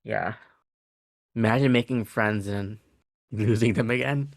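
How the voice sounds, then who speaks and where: A man's voice: fairly low pitch, unhurried, creaky, dry recording. A man co-hosts a podcast, working through a case in casual, hesitant talk full of fillers and restarts. The sound is dry and close, with no room around him. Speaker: podcast co-host. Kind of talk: casual chat, telling a case.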